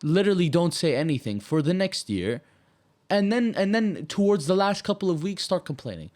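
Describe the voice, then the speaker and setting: A young man from Malta on a laid-back podcast, ranting with lots of swearing. His pitch swings widely as he gets worked up and restarts his sentences. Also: very animated, darkish tone. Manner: heated, swearing, fast rambling rant. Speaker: podcast co-host. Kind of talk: casual chat.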